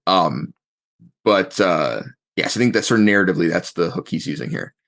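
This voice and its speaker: A man's voice: low-pitched, lively intonation, normal speed, creaky, fairly bright tone. A man narrating as game master, rambling and thinking aloud as he describes the scene.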